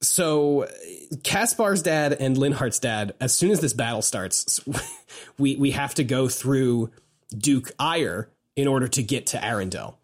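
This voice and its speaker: A man co-hosting a casual podcast, recapping a video game in an excitable, rambling way with lots of fillers. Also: medium pitch. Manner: rambling, excitable, quick asides and frequent fillers. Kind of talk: casual chat.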